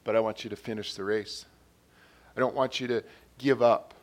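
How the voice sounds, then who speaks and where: A man preaching a sermon in an earnest way, repeating his phrases and growing louder when he reads quotes and scripture. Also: on the low side, steady tone, normal speed.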